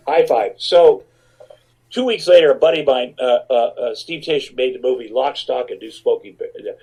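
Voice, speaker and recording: Husky, mellow-voiced man telling profane stories. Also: mid-range voice, animated, moderate pace, low-quality recording. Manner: profane, rambling storyteller who acts out quotes. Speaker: guest actor telling stories. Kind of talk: animated anecdote telling.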